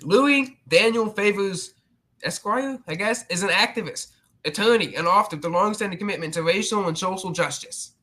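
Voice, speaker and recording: A man's voice: sits high, moderate pace, bright, forceful tone. A man hosting his own channel, delivering a sarcastic, mocking rant with many restarts. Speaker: channel host.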